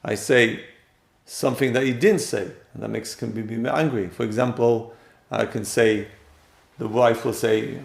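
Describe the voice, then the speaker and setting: Gravelly man teaching in an echoey room. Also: mid-range voice, steady tone, moderate pace. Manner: acts out quoted speakers with sudden loud jumps. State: voice a bit strained. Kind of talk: lecture on relationships.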